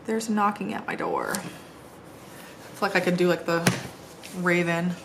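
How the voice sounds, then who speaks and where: This planner vlogger, a middle-aged woman, talks in an unhurried, lowish voice with big pitch swings and vocal fry, over some background noise. She's on the floor at home decorating a planner, chatting and rambling casually while making fun of herself.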